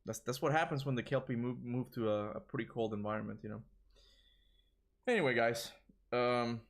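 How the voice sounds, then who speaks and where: Rambling tired streamer with a Toronto accent. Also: male voice, medium pitch, moderate pace, creaky, pauses often. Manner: rambling, stammering restarts, frequent chuckles. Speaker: gaming streamer. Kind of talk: casual livestream chat.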